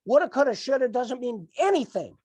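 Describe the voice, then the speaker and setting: A man's voice: very high-pitched, very animated, fairly quick, darkish tone, breathy edge, no echo. Fired-up middle-aged man coaching. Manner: emphatic, repetitive, fired-up. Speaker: team leader. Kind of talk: motivational coaching talk.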